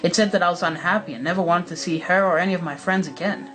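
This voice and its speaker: A man's voice: sits high, quick pace, a bit bright, low-quality recording. Male horror story narrator over music. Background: background music.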